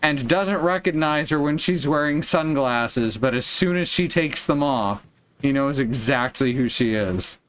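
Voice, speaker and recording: A man chatting casually over his gameplay, dropping wry jokes as he goes, his voice at an everyday middle pitch. A faint background noise sits under his voice. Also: expressive, measured pace, fairly bright tone. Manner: wry, joking asides. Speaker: streamer.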